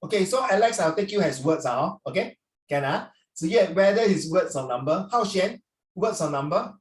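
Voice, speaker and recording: A man's voice: high-pitched, expressive, normal speed. A middle-aged man, teaching an online class in a playful, teasing way. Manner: playful, teasing, peppers questions with "ah". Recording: roomy sound, distant mic.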